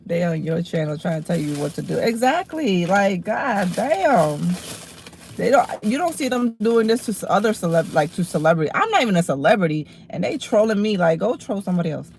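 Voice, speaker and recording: A woman streams herself eating and talks casually to her viewers. She is blunt and swears freely when she snaps back at her chat. She turns relaxed and chatty when she describes the food. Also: fairly low pitch, brisk, gravelly, a little hiss or hum. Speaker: livestreamer.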